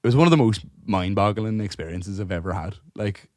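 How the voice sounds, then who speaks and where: A man, co-hosting a podcast and telling a story in casual chat, animated, swearing freely and acting out what people said. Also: lowish voice, brisk, dry recording, clean studio sound. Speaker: podcast co-host.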